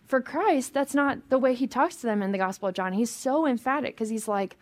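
A woman's voice: fairly high pitch, expressive, normal speed, few pauses. Conversational woman preaching a sermon. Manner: conversational, emphatic, many restarts and asides. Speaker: pastor.

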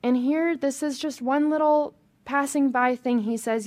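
A woman's voice: sits high, unhurried. Conversational woman preaching a sermon. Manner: conversational, emphatic, many restarts and asides. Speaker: pastor.

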